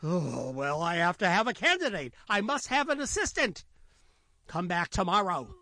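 Imperious storybook lion king played by a man, commanding and loud, dry close sound. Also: lively intonation, moderate pace, no echo. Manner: booming, commanding.

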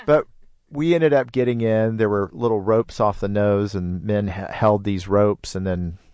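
A man telling a personal story in casual conversation, lively, with sound effects. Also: on the low side, a little slow, clean tone, no room sound, dull audio. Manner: animated, with sound effects and put-on voices in quotes. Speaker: storyteller guest.

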